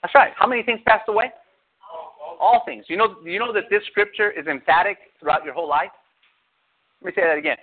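A man's voice: high-pitched, brisk, long pauses. A male pastor preaching a sermon, talking to his congregation with lots of rhetorical questions. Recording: phone-like narrow sound.

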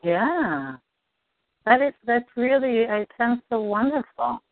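A woman coaching a client through a tapping session, asking gentle, probing questions. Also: fairly high pitch, expressive, slow, no echo. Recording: dry tinny phone-like line.

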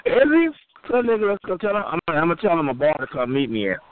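A man hosting a call-in show, trading crude taunts and repeating insults loudly. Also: fairly high pitch, wildly swooping pitch, quick pace, no echo. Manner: loud, taunting, repetitive insults. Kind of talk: crude trash-talking call-in banter. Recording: phone-like lo-fi line, dry.

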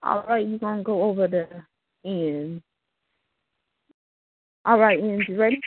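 A woman's voice: medium pitch, steady tone, fast, no room sound. A woman hosting a rap battle, hyping the contestants and counting them in. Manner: hyped, emphatic hype-host calls. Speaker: host. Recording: dry tinny phone line.

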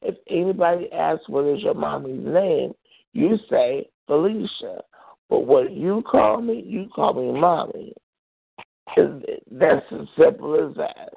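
A woman in her forties chatting casually as a podcast co-host, animated and acting out quoted voices. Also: unhurried, gravelly, breathy edge. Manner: animated, acts out quoted voices with big pitch jumps. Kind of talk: casual chat, storytelling. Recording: tinny phone-like sound.

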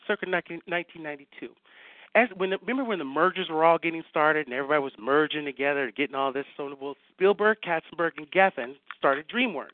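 Fast-talking man on a phone line. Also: a little high, no room sound. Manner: excitable, acts out dialogue in anecdotes. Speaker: guest writer. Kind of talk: animated storytelling in a radio chat.

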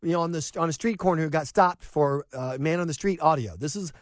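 A man's voice: on the high side, fast, no room sound. A middle-aged man hosting a talk radio show, delivering an emphatic, opinionated monologue with sarcastic asides.

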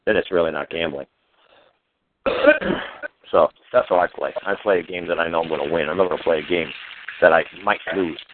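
A man's voice: deep voice, fairly even intonation, brisk, long pauses, slight background noise. A man hosting a podcast, telling a rambling, profane story in a casual way and acting out the voices of the people in it. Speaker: podcast host. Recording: tinny phone-like line, dry.

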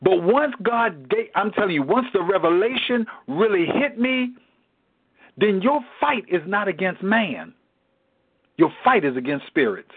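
A man teaches scripture in a preaching style, pressing his points with emphatic repetition. His voice sits fairly high and sounds husky. It comes through a tinny, phone-like line. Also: sing-song, unhurried. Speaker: Bible study teacher. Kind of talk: preaching-style Bible study.

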